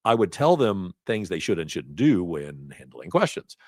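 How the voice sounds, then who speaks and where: Guy teaching a cloud ai class, deep voice that swings around a lot, chatty with asides, dry close sound. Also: sing-song, normal speed, no echo. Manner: conversational, asides and self-corrections. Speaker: instructor. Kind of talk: live certification lecture. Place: training event room.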